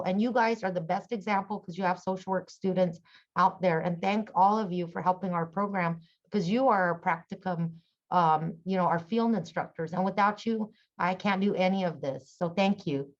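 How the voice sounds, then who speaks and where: A middle-aged woman speaking as a conference panelist, earnest and halting with many fillers. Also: medium pitch, muffled recording. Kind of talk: conference presentation.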